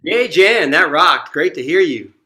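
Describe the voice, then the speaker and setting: A man introducing his own song in a soft, halting, rambling way, joining over a video call from home. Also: a little high, lively intonation, soft background music. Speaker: singer-songwriter performer. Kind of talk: casual spoken song introduction. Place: at home in Virginia, joining remotely.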